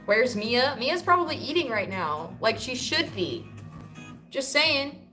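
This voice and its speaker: A woman's voice: a little high, big pitch swings, a little slow, bright, forceful tone, faint music behind. A woman from the United States hosting a casual livestream, answering chat comments in a loose, profane, joking way. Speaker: livestream host.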